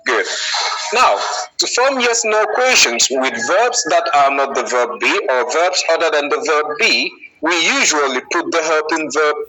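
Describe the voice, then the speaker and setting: Bright-voiced man teaching English. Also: on the high side, expressive, faint music behind, low-quality recording. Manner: patient, checks in often with a questioning "okay?"; reads example sentences slowly and clearly. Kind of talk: live English grammar lesson.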